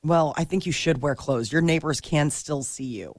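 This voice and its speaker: Giggly woman reading quick news bits. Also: low-pitched, a little mellow, dry recording, studio quality. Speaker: co-host reading news items. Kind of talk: casual morning radio chat. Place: radio studio.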